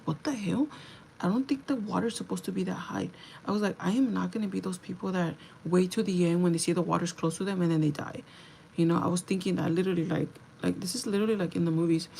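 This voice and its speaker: A woman's voice: lowish voice, creaky, darkish tone, slight background noise, rough recording. A woman livestreaming, chatting casually and retelling a dream, with lots of filler words.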